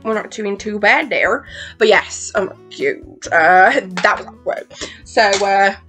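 A woman chatting excitedly in a rambling makeup vlog, swearing freely and acting out her own reactions. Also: mid-range voice, slow pace, faint music behind. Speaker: beauty vlogger. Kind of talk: rambling get-ready-with-me chat.

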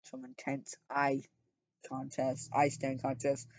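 A man's voice: mid-range voice, monotone, unhurried, dry recording. Sarcastic man mocking his own writing. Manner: sarcastic asides about typos. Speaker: host reading his old book aloud. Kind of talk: casual self-mocking reading.

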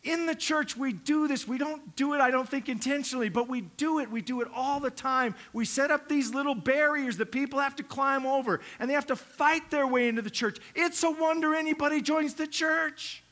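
Middle-aged guy preaching, chatty and funny, pretty high voice. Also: brisk, few pauses, bright, forceful tone. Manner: conversational, humorous preaching with acted-out quotes. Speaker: pastor. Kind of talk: sermon.

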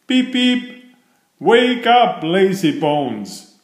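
A man voicing a cheeky little male tank engine in a storybook reading, calling out in a high, shouty voice. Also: sing-song, drawn-out words, roomy sound, exaggerated voice. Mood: teasing.

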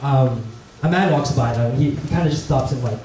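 Casting young male preacher, chatty and loose with fillers, mellow voice, recorded from across an echoey church hall. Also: mid-range voice, a little fast, recorded from a distance. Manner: relaxed, chatty, many fillers and "like". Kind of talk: casual church message with storytelling. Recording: echoey church hall, faint room noise.

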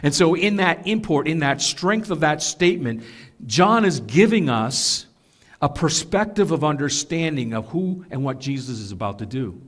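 A man's voice: fairly high pitch, expressive, normal speed. A man preaching to his congregation, teaching earnestly and with emphasis, with self-corrections and casual asides. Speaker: pastor. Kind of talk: sermon.

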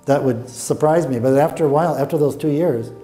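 A man's voice: on the high side, a little fast, mellow, soft background music. A man in a documentary interview, earnestly reflecting on what he witnessed.

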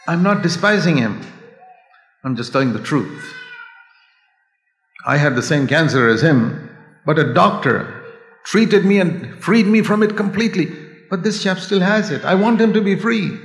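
An older man preaching a sermon, earnest and pleading, dropping to a hush and then rising to a raised voice. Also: mid-range voice, moderate pace, long pauses, a little hiss or hum. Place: church hall. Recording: echoey hall.

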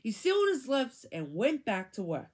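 A woman reading a children's chapter book aloud with animated expression. Her fairly high voice rises and falls widely from line to line. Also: moderate pace, breathy edge. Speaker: reader.

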